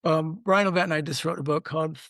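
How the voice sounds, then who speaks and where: A man's voice: fairly high pitch, steady tone, fast talker, a bit bright, no echo, clean studio sound. An older man, a sitcom writer and producer, telling rambling anecdotes in a casual interview, full of fillers and restarts.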